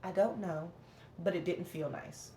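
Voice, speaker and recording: A woman venting to camera in a candid, rambling personal rant, often dropping low and flat to mimic what others said. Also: measured pace, reverberant, a little hiss or hum. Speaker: vlogger.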